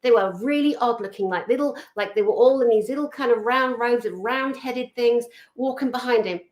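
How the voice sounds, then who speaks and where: A woman tells a story as a guest on a video call. Her voice sits fairly high. She talks in a loose, animated way, full of fillers and asides. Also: a little fast. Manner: animated, chatty, with frequent fillers.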